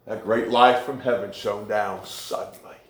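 A man preaching a sermon, rhythmic and swinging between hushed lows and shouted peaks. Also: fairly even intonation, unhurried, roomy sound.

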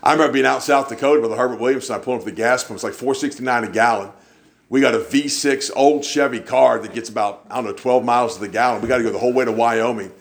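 Speaking quickly in a gravelly, medium-pitched voice, a preacher shares folksy stories from the church pulpit. He performs the voices of anyone he quotes as part of his sermon storytelling.

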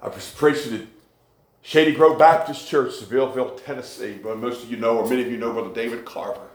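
A man preaching a sermon, rhythmic and swinging between hushed lows and shouted peaks. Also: fairly even intonation, quick pace, reverberant.

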